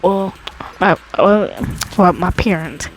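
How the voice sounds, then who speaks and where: A woman's voice: slow, soft background music, poor audio. A woman telling a childhood story in a casual storytime monologue, rambling with lots of restarts and fillers, and getting exasperated. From America. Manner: exasperated, rises high when complaining. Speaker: storytime host.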